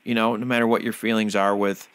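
A man's voice: lowish voice, little pitch movement, fast, a bit bright, clean tone. A man hosting a podcast interview, who talks in a fervent, preachy way and often uses religious phrases. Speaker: podcast host.

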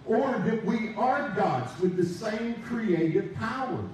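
A man preaching a sermon, drawing out his emphasis and pausing for responses from the congregation. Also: high-pitched, lively intonation, a little hiss or hum. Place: church sanctuary. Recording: echoey church from a distance.

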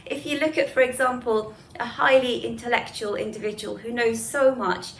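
A woman's voice: a little high, steady tone, moderate pace, creaky, a little hiss or hum. A woman giving a talk on Hinduism to students, explaining ideas in a conversational way and telling stories with casual asides. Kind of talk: spoken moral lesson with storytelling.

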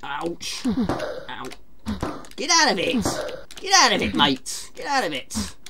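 Lively woman streaming games. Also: medium pitch, slow pace, heavy background noise. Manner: chatty, self-mocking, reads chat aloud. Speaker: game streamer. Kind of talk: casual game stream commentary.

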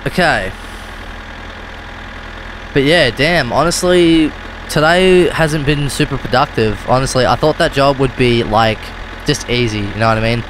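A man's voice: medium pitch, measured pace, long pauses, a bit bright. A man with an Australian accent giving loose, rambling gameplay commentary, often correcting himself mid-sentence. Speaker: gaming video host. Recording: car engine noise behind.

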